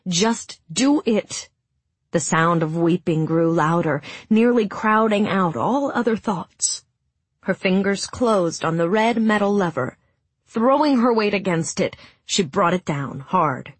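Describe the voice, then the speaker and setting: A woman narrating a story in a hushed, emotive reading that sinks to near whispers, with a breathy voice. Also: fairly low pitch, animated, measured pace, no echo. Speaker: audiobook narrator. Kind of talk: scripted narration.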